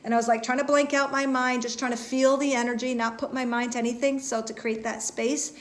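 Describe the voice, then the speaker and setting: A woman hosting a live spiritual reading, talking earnestly in halting, repetitive phrases with many fillers and restarts. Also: a little high, flat delivery. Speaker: intuitive reader and host.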